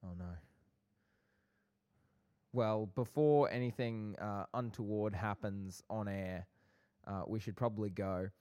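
A man's voice: lowish voice, steady tone, takes it slowly, pauses often, a little mellow, clean tone. A man co-hosting a casual chat podcast, talking in a playful, bantering way. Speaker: podcast co-host.

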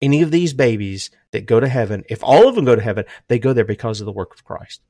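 An older man preaching an impassioned sermon. He swings between loud, emphatic declarations and low, hushed drops, and says he is emotional. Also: very animated, fast talker, no room sound.

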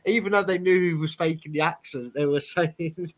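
A man's voice: on the high side, normal speed. Chatty sarcastic man. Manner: chatty, sarcastic, laughs while telling stories. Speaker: podcast co-host. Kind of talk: casual football chat.

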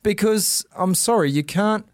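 An animated New man co-hosts a sports podcast from a studio. His voice sits fairly high, and he rants with a sarcastic bite. The sound is close and dry. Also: a little slow, no room sound. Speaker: podcast co-host. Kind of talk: casual sports chat.

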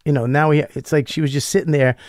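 A man chatting as a guest comedian, telling stories in an animated way, acting out other people's voices and swearing freely. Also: fairly high pitch, fast talker, dry recording, clean studio sound. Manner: animated storyteller, acts out voices, swears a lot. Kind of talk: casual podcast conversation.

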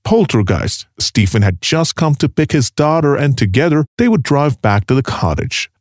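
A man narrating a dark true story in an expressive, dramatic reading. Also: on the high side, normal speed, no room sound, studio quality.

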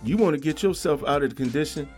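Brief: middle-aged man with a slightly high voice, blunt and preachy solo podcast rant. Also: animated, quick pace, faint music behind. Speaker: podcast host. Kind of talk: ranting solo podcast monologue.

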